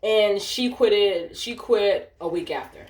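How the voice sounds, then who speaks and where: A woman's voice: mid-range voice, takes it slowly, a little mellow, roomy sound. A woman telling a work story while gaming, cursing and ranting, often sidetracked. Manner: profane, ranting, easily distracted.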